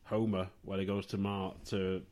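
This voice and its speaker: A man's voice: sits low, level tone, normal speed, darkish tone. A man co-hosting a casual review podcast, rambling and laughing as he tells jokes. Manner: sweary, laughing, rambling storyteller. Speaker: podcast co-host. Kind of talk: casual wrestling review chat.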